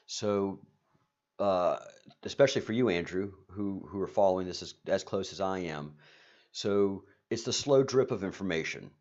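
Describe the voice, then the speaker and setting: A man hosting a live stream in a casual monologue, rambling and halting with many fillers and restarts, breaking into sarcastic, excitable asides. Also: sits low, lo-fi sound.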